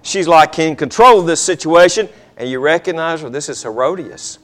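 Guy preaching, storyteller style, acts out the people, kinda high voice. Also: expressive, moderate pace, a bit bright. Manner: dramatic storytelling, acting out characters. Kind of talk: sermon.

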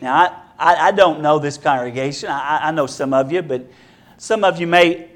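A man's voice: on the high side, normal speed. A man preaching a sermon to a congregation, earnest and repetitive, building his point through rhetorical questions.

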